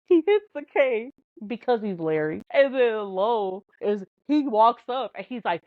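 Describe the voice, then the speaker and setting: A woman's voice: on the high side, measured pace, dry recording. Woman guest telling fan stories, acts out the quotes, laughs a lot, dull dry lo-fi sound. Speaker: podcast guest. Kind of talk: casual storytelling chat. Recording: dull, lo-fi podcast audio.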